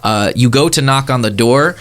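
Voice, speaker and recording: A man's voice: mid-range voice, normal speed, fairly bright tone. A man narrating as game master of a tabletop game, laid-back and full of fillers.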